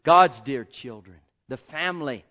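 A man preaching a sermon with passion, swinging from hushed, drawn-out words to loud cries. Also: fairly high pitch, muffled recording.

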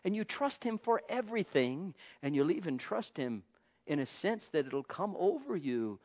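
A man preaching a sermon, calling out to the congregation and swinging between soft pleading and loud, impassioned exclamation. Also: a little high, big pitch swings, normal speed. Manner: calls out to the congregation. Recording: dull lo-fi sound.

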